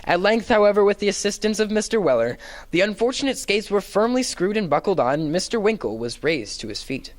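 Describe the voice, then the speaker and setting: Man, dramatic reader, expressive, theatrical, fairly high-pitched. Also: fairly quick. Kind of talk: dramatic reading of a classic novel.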